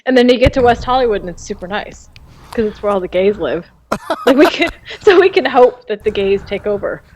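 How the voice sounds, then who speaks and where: A woman's voice: medium pitch, animated, a little fast, darkish tone, slight background noise, low-quality recording. A woman guesting on a podcast, chatting casually and laughing at the arguments.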